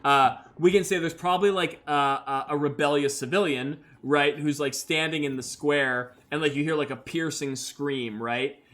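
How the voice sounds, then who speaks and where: A man's voice: fairly high pitch, fairly even intonation, normal speed, few pauses, a bit bright. A man hosting and narrating a solo tabletop role-playing game in a loose, chatty way, full of fillers, who laughs at his own dice rolls. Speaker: game master and host.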